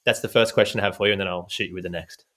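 A man's voice: low voice, fairly even intonation, very fast, fairly bright tone. A man hosting a podcast, thanking his guest and asking long, earnest questions. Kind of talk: interview questions.

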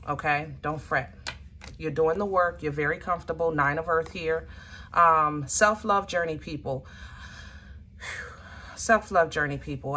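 A woman reads tarot cards for her viewers in a loose, chatty way. Her voice sits a little low but sounds bright and sharp. She leans hard on words and pauses to hunt for the right phrasing. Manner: chatty, emphatic, searches for words aloud. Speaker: tarot reader. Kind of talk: casual tarot reading to viewers.

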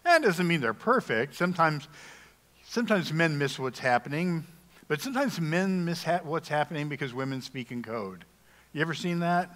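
Middle-aged male pastor, folksy and wry, slightly high voice, long church reverb. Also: sing-song, normal speed, fairly bright tone. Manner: folksy, humorous, conversational preaching. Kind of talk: sermon. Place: church sanctuary.

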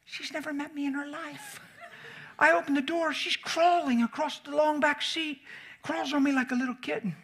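A middle-aged man preaching a storytelling sermon, animated, swinging from shouts down to whispers. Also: very high voice, normal speed.

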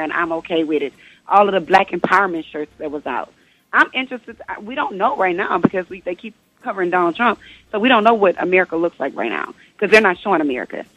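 A woman's voice: lowish voice, no room sound. A young woman speaking as a guest on a radio interview, impassioned and fond of rhetorical questions. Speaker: guest author. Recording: dull lo-fi radio audio.

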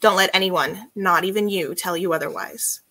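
A woman voicing a seductive, tender and teasing adult man, speaking in a soft, husky murmur as she reads her book aloud. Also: lowish voice, normal speed, slight background noise. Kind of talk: audiobook-style reading.

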